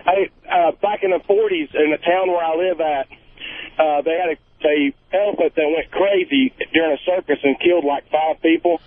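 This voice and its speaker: A man's voice: on the high side, steady tone, moderate pace. A man from Tennessee calling in to a talk show, hesitantly telling a story. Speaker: caller. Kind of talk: phone-in call. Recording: tinny phone line.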